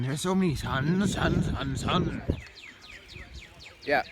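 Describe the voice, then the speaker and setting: Walking uphill outdoors before dawn, a man with a slightly high voice vlogs at a slow pace, pausing often, amid heavy background noise and music playing under his voice. His casual monologue meanders, full of swearing, ums, and likes.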